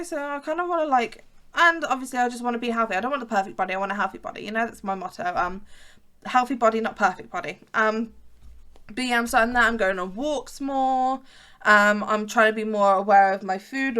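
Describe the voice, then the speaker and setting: A woman in her twenties with a slightly posh English accent chats over her gameplay at a desk mic. Her voice sits fairly high and sounds bright and tense, and she rambles freely with frequent ums and self-corrections. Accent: English, fairly posh southern-leaning. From West Midlands, England. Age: 20s. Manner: rambling, frequent ums and restarts, chatty asides. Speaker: gaming YouTuber. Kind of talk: casual chat over gameplay.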